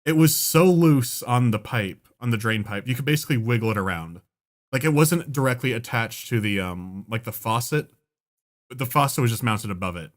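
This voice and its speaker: Young male podcast co-host; lively, profane storyteller who laughs a lot. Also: mid-range voice, moderate pace. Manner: animated, profane, breaks into laughter. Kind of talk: casual storytelling chat.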